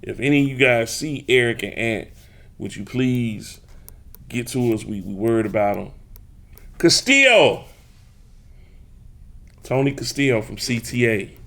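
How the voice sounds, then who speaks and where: A man hosts a casual sports talk show. He teases and brags at rival fans, talking straight to the listeners at a medium pitch. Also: expressive, unhurried, vocal fry, long pauses, a bit bright. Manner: teasing, boastful, talks straight to listeners. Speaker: podcast host.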